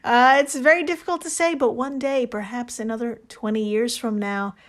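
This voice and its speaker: Chatty woman podcast co-host, slightly high. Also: fairly even intonation, normal speed. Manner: laughs often, chatty and wry. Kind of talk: casual chat.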